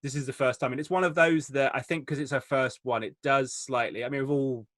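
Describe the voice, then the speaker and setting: Fast-talking man reviewing films. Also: medium pitch, steady tone, a bit bright, dry recording. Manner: enthusiastic, talks in rushes. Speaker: film critic. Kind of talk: casual film review chat.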